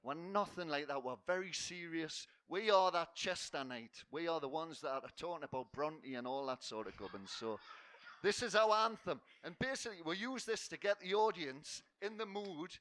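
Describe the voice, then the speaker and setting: Bright-voiced man hosting. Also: a little high, lively intonation, normal speed, no echo. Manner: self-mocking, rambling banter. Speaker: host of a spoken word night. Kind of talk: jokey live stage hosting. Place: festival stage before a live audience.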